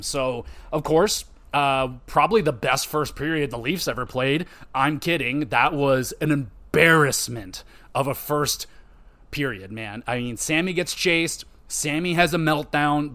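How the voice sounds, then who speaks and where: Man, podcast host, casual rant, cursing, rambling, slightly high voice. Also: fairly bright tone. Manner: frustrated, profane, rambling with fillers.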